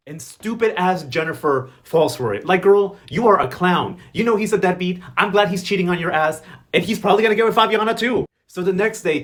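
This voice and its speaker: Sassy fast-talking man recapping a novela. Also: fairly high pitch, a bit bright. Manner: sassy, slangy, mocking characters in quick asides.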